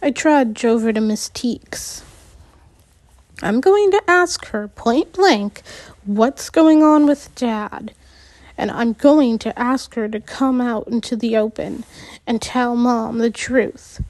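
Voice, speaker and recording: A woman narrating a first-person novel in a high voice. She reads slowly and stops to redo words, so it sounds unpolished. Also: darkish tone, no echo. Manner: unpolished reading with slips and retakes. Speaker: audiobook narrator.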